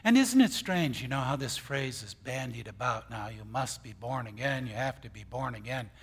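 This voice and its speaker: A man preaching a sermon, swinging between loud, emphatic bursts and hushed near-whispers. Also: mid-range voice, fairly even intonation, normal speed, husky, long reverb tail.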